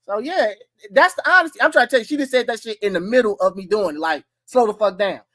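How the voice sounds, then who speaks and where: A man in his thirties hosting a podcast, telling loud, profane, animated stories in casual chat. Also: extremely high pitch, quick pace, no room sound. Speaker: podcast host.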